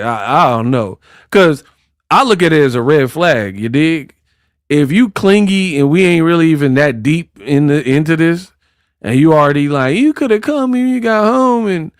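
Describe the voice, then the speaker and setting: A man's voice: medium pitch, dry recording, studio quality. A man hosting a casual commentary stream, talking in slangy, teasing rants. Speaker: YouTuber streamer.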